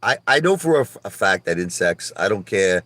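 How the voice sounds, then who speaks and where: A man with a Brooklyn New York accent, talking in a casual livestream rant from his car, animated and profane, swinging from loud outbursts to low muttering. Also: a little fast, no room sound. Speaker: livestream host.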